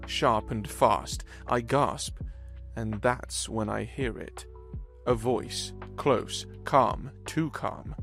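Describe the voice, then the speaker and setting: A man narrating a first-person story in short, dramatic, halting phrases. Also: medium pitch, fairly bright tone.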